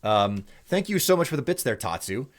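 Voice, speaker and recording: A man's voice: medium pitch, sing-song, fairly quick. A man streaming a game live, talking casually and chattily to his viewers, often trailing off and restarting. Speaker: livestreamer. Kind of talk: casual livestream gameplay chat.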